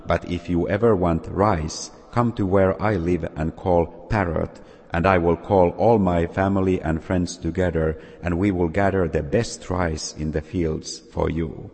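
Storybook parrot, male, eager to help, low husky voice with long reverb, read by a man. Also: steady tone, unhurried, a little mellow, full character voice. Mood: obliging. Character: generous male parrot with a large family.

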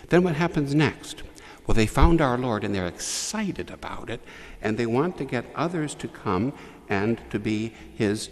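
A man preaching a homily to children in a church, telling the story with lively asides to the young listeners. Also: lowish voice, in a large hall. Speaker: priest.

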